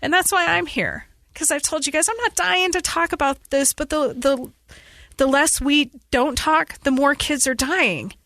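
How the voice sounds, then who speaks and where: Bright, earnest woman pouring out her story. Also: high voice, no echo. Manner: earnest, fast-flowing storytelling with pleading urgency. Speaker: podcast guest. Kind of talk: emotional personal interview.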